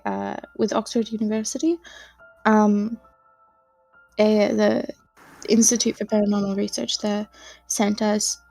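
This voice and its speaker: A woman's voice: fairly high pitch, mellow. A woman playing in a tabletop session, chatty and often giggling. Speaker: player. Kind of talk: casual play session.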